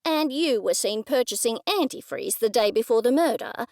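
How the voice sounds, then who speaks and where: A woman's voice: a little high, lively intonation, normal speed, darkish tone, dry recording. A woman narrator voicing a stern middle-aged male police detective, probing and accusing in a dry manner.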